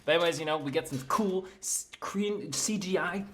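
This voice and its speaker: A man's voice: on the high side, brisk, background noise. A young man giving a sarcastic comedic movie recap in a casual, rambling way, full of fillers and mocking impressions of the characters. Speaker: comedy commentator.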